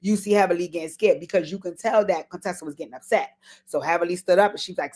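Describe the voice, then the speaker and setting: A woman's voice: lowish voice, fast talker. A woman recapping reality TV in a loose, talky commentary. She is blunt and swears freely. She hammers her points with repeated words and speaks straight to the people she is discussing. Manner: animated, repeats words for emphasis. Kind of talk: casual commentary vlog.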